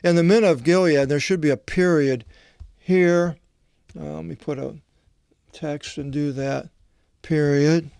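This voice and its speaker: A man, a Bible translator, reading scripture aloud with meandering, halting commentary and asides. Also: fairly high pitch, steady tone, creaky, darkish tone, clear, resonant tone, no echo, clean studio sound.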